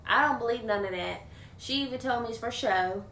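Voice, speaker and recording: A woman's voice: fairly high pitch, brisk, a bit bright, slight background noise. A young adult woman livestreaming, chatting casually and venting bluntly while she swears freely and thanks viewers. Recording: roomy echo.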